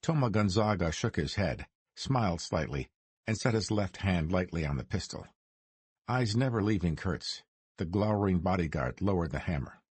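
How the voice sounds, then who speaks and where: A man narrating a crime noir audiobook in a measured storytelling manner. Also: deep voice, expressive, darkish tone, slightly rough, no room sound.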